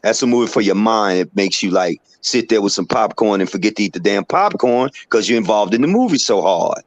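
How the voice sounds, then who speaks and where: A man's voice: fairly low pitch, lively intonation, brisk, dry recording. Earnest, rambling man, dry sound. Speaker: co-host. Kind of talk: casual live-stream chat.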